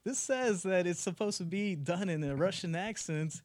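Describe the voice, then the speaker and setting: A man's voice: high voice, moderate pace, dry recording. A young man, a podcast guest who acts and makes music, telling a story in casual chat and acting out what he thought back then. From United States. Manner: animated storytelling, acts out his own past thoughts.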